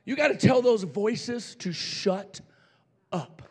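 A male pastor with a high-pitched voice delivers a fervent sermon. He swings from loud shouts down to near-whispers and back. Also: lively intonation, takes it slowly, husky.

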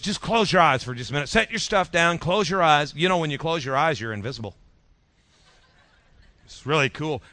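Bright-voiced male preacher, dry sound. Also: on the high side, no echo. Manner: rhythmic preaching, trailing off softly at phrase ends; leads congregation in call-and-response. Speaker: pastor. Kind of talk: sermon.

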